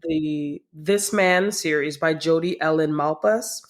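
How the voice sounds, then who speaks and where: A woman co-hosting a podcast with a somewhat low voice. She chats casually and hedges a lot, agreeable and easygoing as she introduces a book pick. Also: takes it slowly. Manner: chatty, hedging with fillers, agreeable. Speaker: podcast co-host. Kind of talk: casual chat recommending books.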